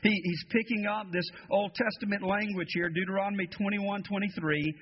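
A man's voice: high voice, fairly even intonation, moderate pace, few pauses, a little hiss or hum. A man preaching an expository sermon as pastor, with emphatic repeated phrases that rise and fall. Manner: preaching with rising emphatic cadence and repetition. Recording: dull lo-fi sermon recording.

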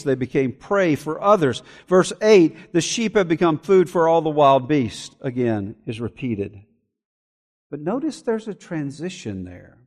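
Man preaching, high voice, slow deliberate delivery, emphatic repeated phrases, long church reverb. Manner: emphatic, repetitive preaching cadence. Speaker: pastor. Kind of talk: sermon.

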